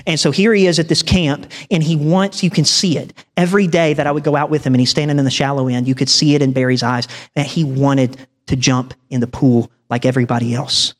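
A man preaching a sermon as an animated storyteller who acts out the dialogue in his story. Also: on the high side, a little fast, few pauses, big-room sound.

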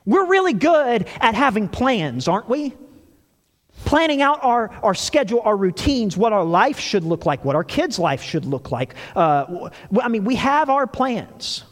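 A man preaching a sermon, telling stories with animated delivery and acting out quoted lines. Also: sits high, a little slow, big-room sound. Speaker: pastor.

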